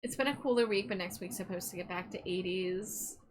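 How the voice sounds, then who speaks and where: A woman hosting a live stream, chatting casually and excitably, swearing freely. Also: mid-range voice, brisk, a little hiss or hum. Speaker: streamer host.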